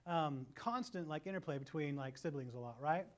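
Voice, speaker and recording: Chatty male preacher, a touch high. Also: normal speed. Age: 30s. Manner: animated storyteller, often adds "right?" to check in with listeners. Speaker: pastor. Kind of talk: conversational sermon.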